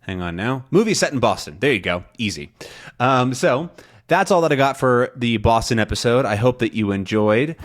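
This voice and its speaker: A man teaching English learners in a relaxed, rambling monologue, thinking aloud with many fillers and restarts. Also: mid-range voice, moderate pace.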